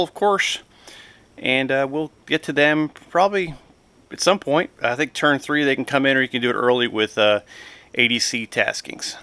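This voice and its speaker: Guy talking thru his wargame setup, um-heavy and rambly, morning-throaty but bright and crisp, dry room. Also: medium pitch, no echo. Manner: relaxed, rambling, many ums and uhs. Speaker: wargaming channel host. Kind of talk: casual solo tabletop game walkthrough. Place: home basement game room.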